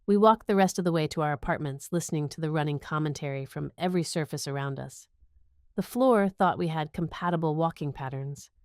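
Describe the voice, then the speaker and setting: A woman's voice: low-pitched, darkish tone, smooth, dry recording, clean studio sound. A young woman narrating a romantic comedy audiobook in first person, wry and sarcastic.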